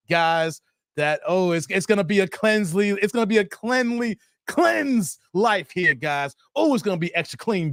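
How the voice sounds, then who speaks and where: Brief: animated male streamer, high bouncy voice, dry close sound, keeps laughing and ribbing his chat from a home basement setup. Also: no room sound. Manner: animated, joking, laughs often, talks back to chat. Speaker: livestream host reading viewer chat. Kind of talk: casual livestream chat.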